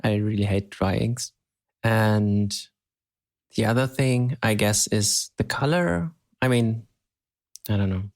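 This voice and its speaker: A man's voice: lowish voice, slow pace. A man from Europe co-hosting a podcast, chatting casually, hesitant and laughing often. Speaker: podcast co-host. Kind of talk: casual chat.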